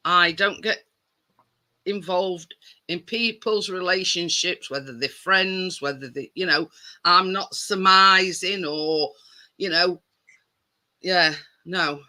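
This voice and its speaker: Woman, live stream host, casual chat, rambling restarts, bright tense tone. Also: on the low side, steady tone, slow pace. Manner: rambling, repeats and restarts words.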